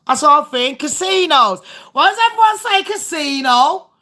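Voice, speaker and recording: A woman's voice: high voice, expressive, moderate pace, pushed and bright. A woman hosting a casual livestream game with her viewers, blunt and foul-mouthed. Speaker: livestream host.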